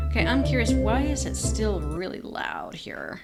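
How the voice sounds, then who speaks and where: Brief: chatty woman streamer, mid-pitched, gasping and exclaiming over loud game music. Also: moderate pace, gravelly, few pauses. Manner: chatty, easily excited, gasps and exclaims. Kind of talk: casual let's-play commentary.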